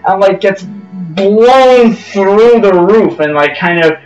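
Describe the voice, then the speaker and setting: A man narrating as game master, rambling and excitable with lots of fillers and yelped sound effects. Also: high-pitched, takes it slowly, lo-fi sound. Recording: roomy echo from a distance, music behind.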